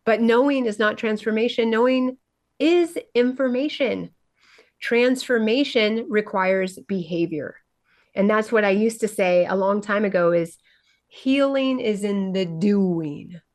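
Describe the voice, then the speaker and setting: A woman's voice: mid-range voice, unhurried, darkish tone. A woman hosting a motivational podcast, talking passionately and emphatically and often asking "right?". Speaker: podcast host and coach. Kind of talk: motivational monologue.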